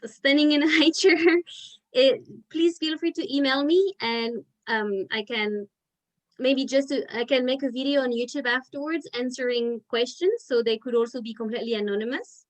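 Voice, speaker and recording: A woman's voice: sits high, moderate pace, poor audio. A woman teacher leading a parent education session over a video call, talking in a chatty, filler-heavy way. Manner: chatty, with many "like" fillers and restarts. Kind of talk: casual explanatory talk.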